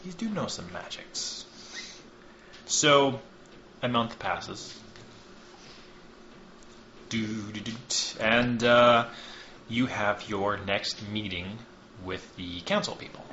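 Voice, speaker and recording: A bright, forceful male game master narrating a tabletop session. He is casual and joking, with frequent ums. The recording is roomy and slightly dull. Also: on the low side, lively intonation, takes it slowly, pauses often, slight background noise. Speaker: game master and podcast host.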